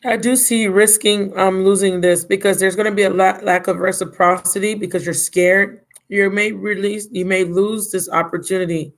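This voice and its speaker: A woman's voice: medium pitch, fairly even intonation, moderate pace, hardly any pauses, poor audio. Tarot reader on a live stream: a worn-out woman, blunt and casual, with pet names for the viewer. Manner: casual and blunt, calls listeners baby and my love. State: drained and yawning.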